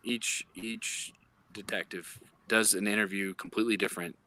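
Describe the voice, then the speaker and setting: A man's voice: lowish voice, fairly even intonation, normal speed, sharp tone. A man in law enforcement speaking as a guest in a live chat over a phone, earnest and explanatory, often searching for words.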